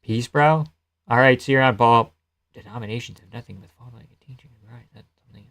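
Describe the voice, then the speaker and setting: A man hosts a live fight stream, reacting to chat in a loose, joking way and swearing freely. His pitch sits in the middle range, and his delivery is casual and unscripted. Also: fast, fairly bright tone. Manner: loose, joking, profane, laughs often.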